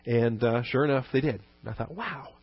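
A male pastor delivers a sermon like a relaxed teacher, with asides and sudden emphatic stresses. His voice sits at a middle pitch. The recording is dry and slightly muffled. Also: brisk, no echo.

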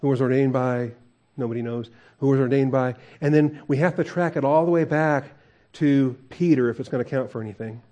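A man's voice: medium pitch, mellow, dull audio. A man preaching a conversational verse-by-verse sermon as a pastor, asking the congregation questions and chuckling often.

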